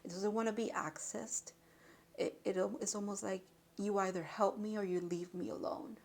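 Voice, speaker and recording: A woman giving an intuitive spiritual card reading, emotional and halting, with sighs and restarts. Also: medium pitch, steady tone, gravelly, darkish tone.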